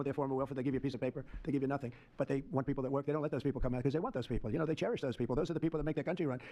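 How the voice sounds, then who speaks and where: A man's voice: a little high, dark tone. An older man answering reporters' questions in rambling, repetitive, dismissive remarks at a press conference.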